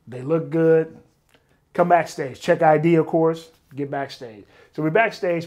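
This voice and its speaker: Man, interview guest, lively storyteller, swears a lot, keeps saying man, acts out quotes, fairly high voice. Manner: acts out other people's lines in his stories. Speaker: interview guest, former bodyguard. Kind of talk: casual storytelling.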